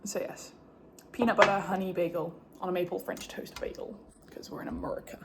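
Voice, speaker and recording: A woman's voice: lowish voice, fairly even intonation, moderate pace. A young woman, chatting to her phone camera in a casual, giggly, hyper way. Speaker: swimmer vlogging at competition. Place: hotel and pool area, indoors. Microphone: handheld phone camera. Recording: background noise, ambience.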